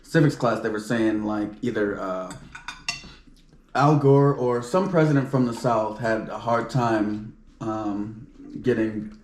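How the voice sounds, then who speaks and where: A man talking in relaxed casual chat, drifting into rambling asides. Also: on the low side, slow pace, reverberant, a little hiss or hum.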